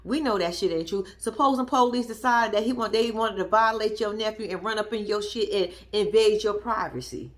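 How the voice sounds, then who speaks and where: A woman reviews a reality show in a blunt, heated rant. Her voice sits at an ordinary middle pitch. She swears freely and talks straight at the people she is criticizing, full of sass and disbelief. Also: a little fast, few pauses. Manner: blunt, profane, sassy, argues at the people she discusses. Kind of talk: heated reaction commentary.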